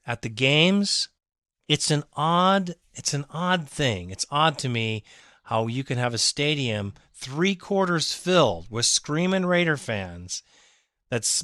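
Fan-show host, male, preachy rambling rant, lively pitch, bright tone. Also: dry recording, studio quality. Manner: fired-up, preachy, rambling, swings to shouting. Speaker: podcast host. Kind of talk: passionate sports fan monologue.

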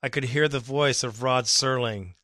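A man's voice: mid-range voice, moderate pace, sharp tone, dry recording, studio quality. A man hosting a fan podcast, ranting emphatically and with exasperation about his team's coaching. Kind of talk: ranting sports commentary.

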